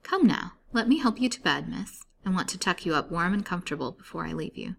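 This is a gentle, humoring female nurse in a storybook reading, with a woman reader putting her on. She sounds soft and placid, like someone calming a patient. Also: lowish voice, moderate pace, creaky, slight background noise. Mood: soothing. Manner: soothing, placid. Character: placid, kindly female asylum nurse, soothing.

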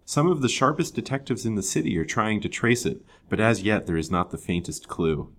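A man voicing a sad middle-aged banker who speaks gravely and quietly, in a storybook reading. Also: lowish voice, fairly quick, pitched above the performer's own voice. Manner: grave, subdued.

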